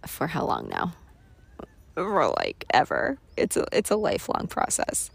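A woman's voice: deep voice, huge pitch swings, moderate pace, creaky, husky, dry recording. A tired woman hosting a solo podcast, talking candidly and self-deprecatingly, swearing and laughing often. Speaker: podcast host. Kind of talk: confessional solo podcast monologue.

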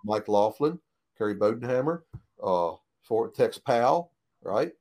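Speaking a little slowly, a man with a fairly low, darkish, expressive voice tells old racing stories as the guest in a casual interview. The retired race car driver is folksy and plain-spoken, swears freely, and tags "right?" onto what he says.

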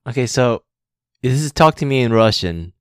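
A man's voice: mid-range voice, expressive, normal speed, smooth, no echo, studio quality. A man co-hosting a podcast in casual chat, rambling with many fillers and laughing often. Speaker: podcast co-host.

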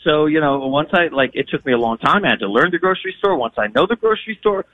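A man hosting a sports radio show, talking in a casual, energetic way and acting out other people's voices in his stories. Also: a little high, quick pace, gravelly, dry recording, narrow, tinny audio. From moved from Nashville to Connecticut. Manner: animated, mimics voices in anecdotes. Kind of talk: fast, energetic casual talk.

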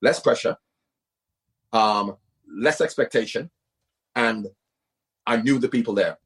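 The speaker, a middle-aged former football manager, talks slowly in a medium-pitched voice. He is a guest in a casual interview, going on at length and stressing things by saying them again.

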